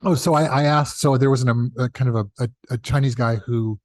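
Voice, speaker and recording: Animated man telling stories in a dry, close recording. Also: fairly quick, no echo. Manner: animated, acts out quoted dialogue with big pitch jumps; chatty, self-correcting, laughs at own asides. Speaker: guest, television showrunner. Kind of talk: casual interview storytelling.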